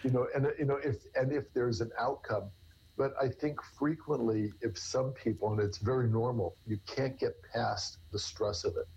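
A man's voice: mid-range voice, fairly even intonation, moderate pace, darkish tone, a little hiss or hum. A man, a therapist, answering interview questions at length in a rambling way, often restarting with repeated words. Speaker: therapist guest. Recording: dull lo-fi recording.

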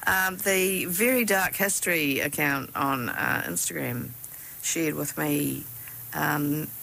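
A woman presenting her segment on a radio show, chatty and telling stories in a relaxed way. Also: low-pitched, slow pace, creaky, a little hiss or hum, rough recording. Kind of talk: casual radio chat.

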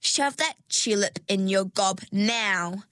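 A woman voicing a sly, sugary female sea creature who speaks slowly with sweet menace. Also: medium pitch, a bit bright, dry recording. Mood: harsh. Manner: sweetly menacing, slow and syrupy.

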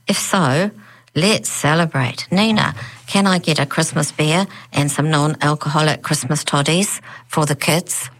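A woman's voice: deep voice, measured pace, rough recording. A woman voicing an eager, eccentric male professor who pleads and cheers. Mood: pleading. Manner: pleading, jubilant.

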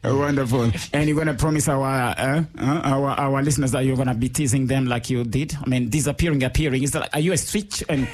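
A man's voice: fast, hardly any pauses. A man hosting a live radio show in a studio, teasing and joking with his co-host and laughing often. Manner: playful, teasing, laughs often, lively jumps in pitch. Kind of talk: casual live radio chat.

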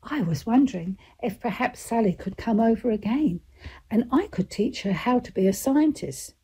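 Cheerful, adventurous old great-uncle from a storybook, hearty and mellow, read by a woman. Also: on the high side, expressive, normal speed, breathy edge, voice pushed up. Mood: jolly.

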